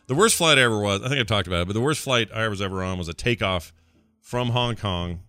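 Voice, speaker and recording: A man's voice: fairly low pitch, quick pace, sharp tone, no room sound, soft background music. A man co-hosting a live morning show, chatting casually, laughing and talking to his chat room. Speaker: podcast co-host.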